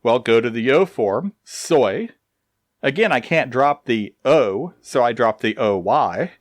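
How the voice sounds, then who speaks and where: Slow, lively-voiced man teaching grammar. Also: mid-range voice, no room sound. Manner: slow, deliberate explanations with dry humor. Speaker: Spanish teacher. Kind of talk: recorded grammar lesson.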